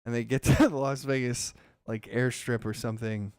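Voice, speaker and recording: A man hosting a podcast, telling a story in a casual chat with animated, swearing delivery. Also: medium pitch, moderate pace, smooth, no room sound. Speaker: podcast host.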